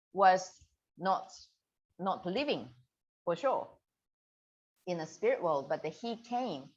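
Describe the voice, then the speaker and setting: Slow-spoken woman telling a story. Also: lowish voice, dull audio. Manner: slow, searching, acts out quotes with laughs. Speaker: guest, spiritual practitioner. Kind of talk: storytelling in an interview.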